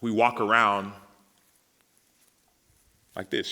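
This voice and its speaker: This man's voice sits fairly low and keeps a moderate pace as he shares his testimony with a crowd at a men's summit. The reverberant hall carries his storytelling, and he plays out each recounted dialogue, becoming steadily more animated and emotional.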